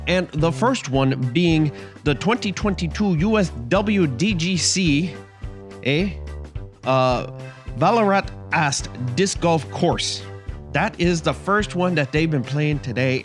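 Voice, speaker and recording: A man voicing a rambling, cheerful Wisconsin field reporter with an Upper Midwest accent, full of "eh" and "you betcha". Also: on the high side.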